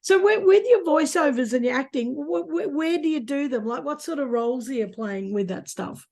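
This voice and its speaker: An Australian woman hosting a podcast interview, warmly encouraging and quick to laugh. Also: sits high, animated. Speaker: podcast host. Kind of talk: casual interview chat.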